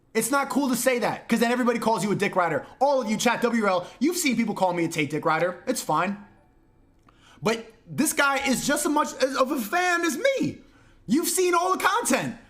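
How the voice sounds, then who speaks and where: Man, very high voice, streamer, profane mocking rant, shouts. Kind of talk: livestream rant to chat.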